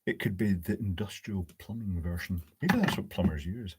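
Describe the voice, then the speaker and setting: A fairly low-pitched man talks through a live electronics build at his workbench, pausing to think aloud and slipping in dry jokes. Faint clicks of tools sit quietly behind his voice. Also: lively intonation, noisy background. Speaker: electronics hobbyist host. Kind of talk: live-streamed workbench build, answering chat.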